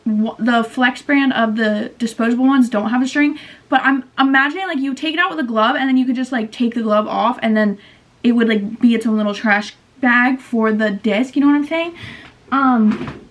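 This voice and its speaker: A woman in her twenties vlogs directly to camera in a loose, rambling way, her voice a little high with fairly even intonation at normal speed. She keeps using fillers and correcting herself, and she sounds tired and low on energy.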